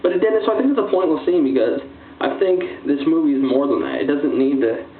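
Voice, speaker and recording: A man's voice: a little high, animated, fairly quick, noisy background. Guy rambling thru a movie review, lots of likes and ums, sounds tinny like a phone, echoey room. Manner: rambling, full of "like" and "um" fillers. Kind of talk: casual spoken movie review.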